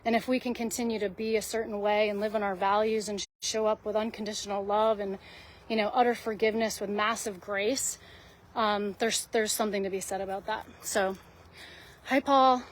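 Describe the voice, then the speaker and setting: A woman's voice: mid-range voice, level tone, normal speed. A woman hosting a live video, talking earnestly to her viewers in a rambling, heartfelt way, full of fillers and restarts, close to tears at times. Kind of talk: heartfelt casual monologue to viewers.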